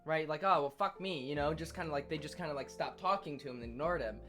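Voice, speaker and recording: A young man streaming, telling a story in casual chat, animated and laughing often, swearing freely. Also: a little high, fast talker, faint music behind.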